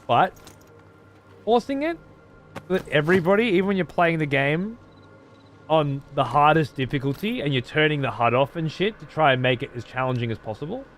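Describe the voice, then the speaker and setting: A man's voice: fairly high pitch, lively intonation, brisk, a bit bright, faint music behind. Sweary sarcastic male game streamer. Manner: profane, sarcastic ranting. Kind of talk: casual gameplay commentary.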